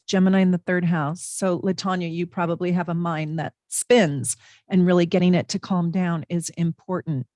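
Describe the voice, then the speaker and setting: A chatty middle-aged woman giving a live tarot reading from her home, often breaking off to talk with viewers. Her voice sits fairly low for a woman, and the sound is dry and close, with no room echo. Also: steady tone, normal speed. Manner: chatty, warm asides to viewers, frequent fillers. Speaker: astrologer and tarot reader, livestream host.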